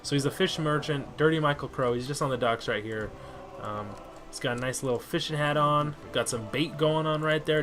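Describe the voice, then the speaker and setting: A man's voice: fairly high pitch, fairly quick, fairly bright tone. A man chatting casually over his gameplay as a let's-play host, easily exasperated and swearing freely. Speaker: gaming video host.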